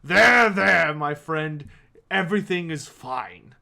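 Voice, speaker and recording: A stern old dwarf runesmith with a hearty, gruff way of talking, put on by a man. His tone is bright and forceful, pitched somewhat high for a dwarf and pushed a little louder. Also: animated, takes it slowly, exaggerated voice.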